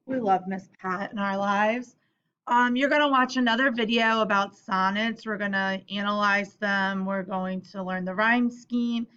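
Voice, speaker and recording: A young woman teacher walks her class through a recorded lesson, explaining terms plainly and dropping casual, friendly asides. Her voice sits at a middle pitch, and the recording sounds slightly dull and lo-fi. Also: a bit bright.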